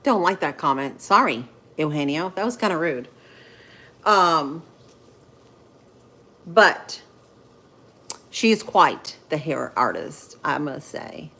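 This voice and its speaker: A woman in her thirties from Central Florida, chatting casually with viewers on a livestream while she cooks, with pauses and fillers as she thinks aloud. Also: low voice, sing-song, creaky, a bit bright. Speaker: livestream host. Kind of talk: casual live-stream chat while cooking.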